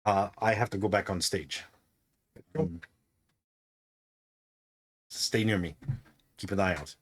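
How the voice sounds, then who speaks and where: A man voicing a nervous male celebrity entertainer who pleads quietly and urgently for protection. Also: low-pitched, takes it slowly, slight background noise, pitched below the performer's own voice. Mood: pleading.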